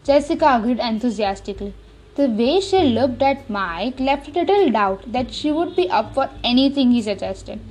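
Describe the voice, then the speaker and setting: A woman reading a first-person novel aloud as an audiobook narrator, with steady, lightly expressive storytelling. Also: fairly high pitch, moderate pace.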